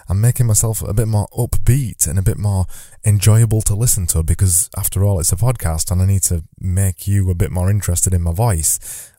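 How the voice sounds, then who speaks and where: A man with a low voice and a very dark, mellow tone hosts a solo podcast from his notes. He talks loosely and conversationally, circling back on his phrases as he thinks aloud. The sound is dry and close on the mic. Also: dry recording. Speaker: podcast host. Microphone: studio microphone.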